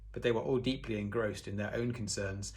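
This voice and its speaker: A man reading a children's novel aloud in an expressive way, sometimes stepping out of the story for a casual aside to the listener. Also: on the low side, fairly quick. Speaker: audiobook reader.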